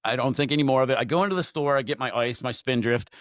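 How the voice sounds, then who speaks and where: Animated, candid man telling a faith story. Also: mid-range voice, fast talker, no echo. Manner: animated storyteller who acts out his own thoughts; repeats words and restarts often. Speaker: podcast guest, entrepreneur.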